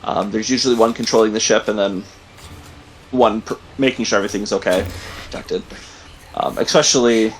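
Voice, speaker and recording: A man narrating a tabletop game as game master, halting often with ums and restarts. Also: lowish voice, fairly even intonation, a little hiss or hum, poor audio. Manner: halting, many ums and likes.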